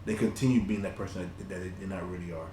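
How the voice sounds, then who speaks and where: A man's voice: deep voice, fairly even intonation, very fast, mellow, a little hiss or hum. A man from Nigeria co-hosting a podcast, giving motivational talk in an earnest, repetitive way with many restarts. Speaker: podcast co-host. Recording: roomy echo.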